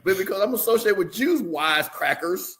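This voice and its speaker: A man with a bright, forceful tone and a slightly high voice, hosting a casual sports chat. He teases his co-hosts and tells stories with laughter in his voice. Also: a little fast. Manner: teasing, laughing, animated storytelling. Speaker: show host.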